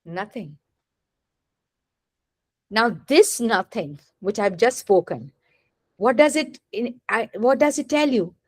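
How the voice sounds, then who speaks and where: In a recording with no room sound, an expressive woman with a higher-leaning voice gives a literature lecture. She proceeds deliberately, checking comprehension through rhetorical questions asked of her students.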